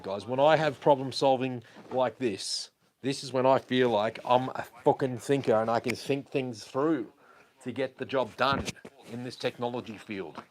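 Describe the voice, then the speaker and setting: A man's voice: medium pitch, normal speed. A man, chatting casually and swearing as he tinkers with gear on a wireless mic while walking through his house. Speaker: livestream host. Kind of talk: casual rambling livestream talk. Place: walking around a house, down a hallway.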